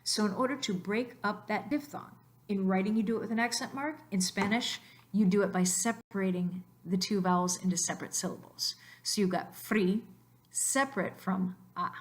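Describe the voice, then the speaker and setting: A woman teacher narrating a slide lesson, explaining patiently step by step and repeating words slowly. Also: medium pitch. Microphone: voice-over on computer mic.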